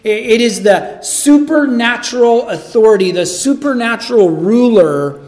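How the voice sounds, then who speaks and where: High-voiced, slow, earnest male preacher. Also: animated, darkish tone. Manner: earnest, emphatic preaching with repeated words. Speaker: pastor. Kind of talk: sermon.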